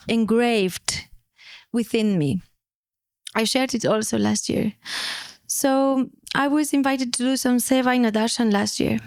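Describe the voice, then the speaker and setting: A woman's voice: a little high, smooth, no room sound. A woman in her thirties, a mother, sharing a personal story in a conversation, hesitant and emotional, often restarting her sentences. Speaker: mother in a spiritual community. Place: festival.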